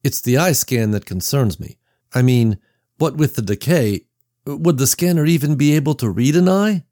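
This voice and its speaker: A man's voice: medium pitch, lively intonation, normal speed, dark tone, no echo, studio quality, pitched above the performer's own voice, natural voice. A man voicing a determined young woman who leads a group of survivors. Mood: urgent.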